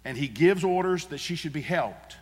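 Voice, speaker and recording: A man preaching in a church sanctuary, earnest and emphatic, driving his points home through repetition. His voice sits a touch high for a man and rings with the long reverb of a large hall. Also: animated, normal speed. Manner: earnest, emphatic, repeats key phrases. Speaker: pastor. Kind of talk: sermon.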